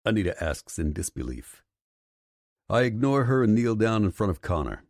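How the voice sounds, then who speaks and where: Male audiobook narrator, very deep voice with a lively, animated delivery. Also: moderate pace, gravelly, no echo, studio quality. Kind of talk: first-person audiobook narration.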